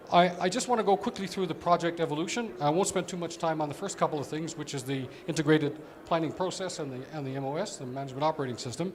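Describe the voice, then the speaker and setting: Higher-voiced man giving a conference talk. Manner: conversational, explanatory, with fillers. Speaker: conference speaker, operations executive. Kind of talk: conference presentation.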